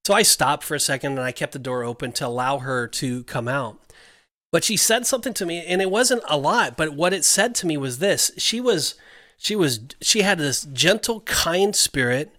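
A man's voice: fairly high pitch, normal speed, pushed and bright, no room sound, studio quality. A man, a pastor who co-hosts a Christian podcast, talking earnestly and reflectively about faith in casual chat.

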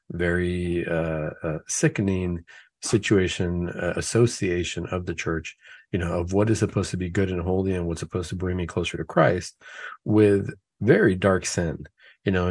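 A man's voice: deep voice, darkish tone, slightly rough, dry recording. A man hosting a Catholic talk show in casual conversation, acting out excuses in a raised voice and building his points through repeated questions. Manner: acts out imagined excuses in a raised voice.

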